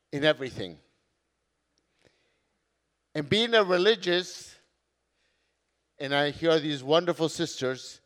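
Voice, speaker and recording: A middle-aged man, a priest, giving an earnest conference sermon, slow overall with sudden loud emphatic words. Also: high-pitched. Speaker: priest and community founder.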